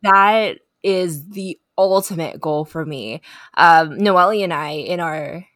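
A woman's voice: fairly low pitch, slow, a bit bright, dry recording, clean studio sound. A woman co-hosting a casual podcast chat, earnest and rambling, often laughing between thoughts. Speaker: podcast co-host.

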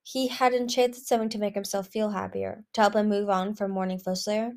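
A woman reading a fantasy novel aloud, narrating between the characters' lines and pausing now and then to fix small slips. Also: mid-range voice, fairly even intonation. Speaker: audiobook reader.

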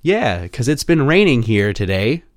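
A man in his thirties with a Midwestern American accent, co-hosting a podcast in a slow, deliberate, dry casual chat. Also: medium pitch, very animated, dry recording. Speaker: podcast co-host.

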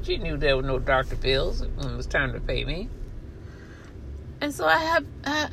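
A woman's voice: lowish voice, creaky, poor audio. A middle-aged woman, a minister, delivering an indignant, emphatic monologue about being mistreated, recorded outdoors near traffic. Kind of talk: personal complaint monologue.

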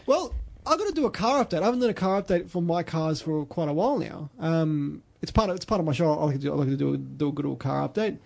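A man's voice: fairly high pitch, fast, creaky, few pauses, darkish tone. An Australian man hosting a podcast, telling long rambling stories in casual chat with lots of restarts. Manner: rambling storyteller with many restarts. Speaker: podcast host.

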